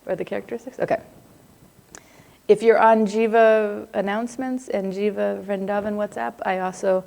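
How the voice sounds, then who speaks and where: A woman's voice: medium pitch, steady tone, normal speed, vocal fry, warm tone. A woman, middle-aged, teaches a psychology class in a conversational, roundabout manner. She drifts into asides, laughs easily and keeps asking her students if they follow. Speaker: psychology lecturer. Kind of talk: live class lecture.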